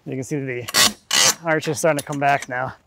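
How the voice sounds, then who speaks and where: A man's voice: mid-range voice, fairly even intonation, moderate pace, vocal fry, heavy background noise. A man narrating outdoors as he loads a log onto a trailer, chatty and jokey, explaining each step as he works. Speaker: urban logger and video host. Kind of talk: casual narration while working.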